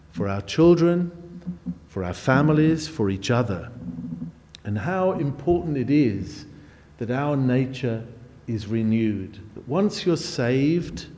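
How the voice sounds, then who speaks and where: A man preaching a sermon, emphatic, with his voice swelling louder and higher on key phrases. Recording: long hall reverb.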